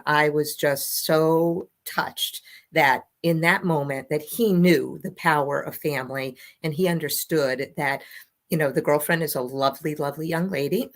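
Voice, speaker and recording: A woman in her fifties, an interview guest, telling a family story in an animated way and voicing the quotes. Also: low-pitched.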